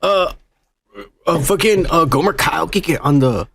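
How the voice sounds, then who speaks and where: A man's voice: on the high side, a little slow, gravelly, fairly bright tone, slightly rough. A man hosting a podcast in crude, profane casual chat, reading listener comments aloud and joking with his co-host.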